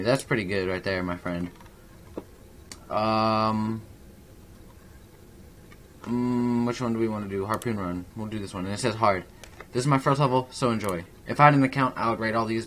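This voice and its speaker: A man hosting a gaming channel, giving rambling, excitable let's-play commentary from his home computer. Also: lowish voice, moderate pace, long pauses, a little hiss or hum.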